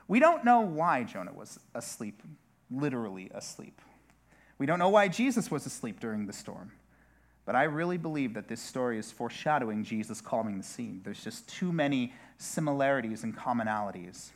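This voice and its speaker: A man's voice: mid-range voice, very animated, moderate pace. A man preaching a sermon as a pastor, speaking conversationally with frequent restarts and asides.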